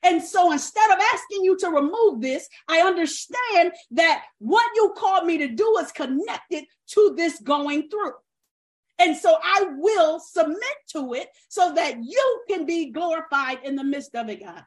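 A woman preaching a sermon with fervor, swinging between loud outbursts and hushed asides. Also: extremely high pitch, animated, measured pace.

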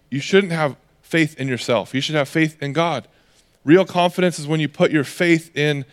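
A man preaching a sermon in a conversational way, acting out the voices of people in the stories he tells. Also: a little high. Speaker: pastor.

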